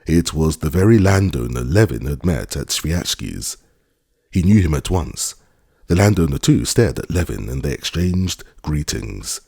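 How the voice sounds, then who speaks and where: A man narrating a classic novel as an audiobook in an expressive, measured reading. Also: rumbling low, gravelly, husky, dry recording, studio quality. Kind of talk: scripted narration.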